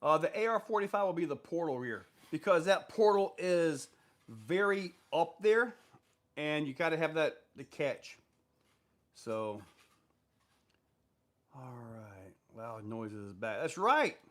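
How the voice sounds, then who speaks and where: A man's voice: a little high, lively intonation, takes it slowly, pauses often. A man hosting a casual live stream, reading viewer comments aloud and answering them in a loose, rambling way with lots of fillers. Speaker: livestream host answering viewer questions.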